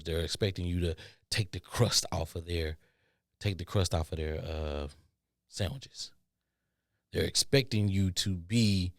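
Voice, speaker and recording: A deep-voiced man hosts a podcast, launching into an exasperated, sarcastic rant and putting on mocking voices to imitate others. The recording is dry, with a clean studio sound.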